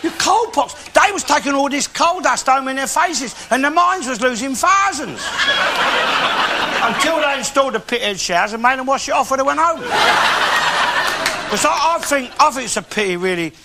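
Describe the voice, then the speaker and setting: Loud old London bigot, high lively Cockney rant, heavy tape hiss. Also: male voice, normal speed. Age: older. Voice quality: blustering, crude, opinionated ranting. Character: bigoted loudmouthed old working-class Londoner. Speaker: comic character in a one-man stage show. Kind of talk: stand-up comic monologue with audience banter. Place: theatre stage before a live audience.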